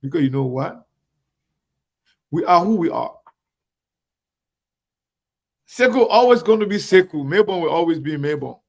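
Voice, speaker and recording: This man's live online show is all shout-outs and commentary: he calls out viewers by name, repeats points for emphasis, and speaks straight to the audience. His somewhat high voice has a gravelly fry and a darkish tone, with lively intonation at a normal speed.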